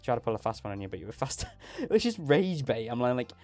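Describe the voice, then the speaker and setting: A man's voice: mid-range voice, very animated, fast talker, a little mellow, faint music behind. A man live-streaming a video game, chatting casually and rambling while reading chat. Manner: rambling, chatty, laughs often, reads out chat.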